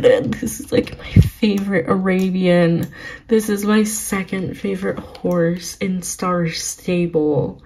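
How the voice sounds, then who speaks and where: A young woman vlogging as she plays a video game, giggly and gushing, often breaking into excited exclamations. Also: fairly low pitch, takes it slowly, a little hiss or hum, low-quality recording. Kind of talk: excited gaming vlog commentary.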